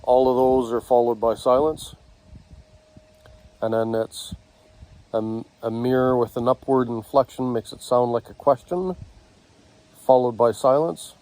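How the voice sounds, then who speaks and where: A man teaching communication techniques, speaking in short halting phrases with pauses between them. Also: medium pitch, steady tone, darkish tone, low-quality recording. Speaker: communication instructor. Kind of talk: slow instructional talk.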